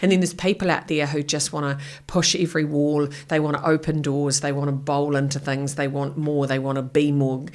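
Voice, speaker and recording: A woman's voice: sits low, level tone, a little fast, hardly any pauses, darkish tone. A middle-aged woman guest speaking bluntly and energetically, acting out little quoted exchanges as she talks. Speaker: guest, author and keynote speaker. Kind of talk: casual interview chat.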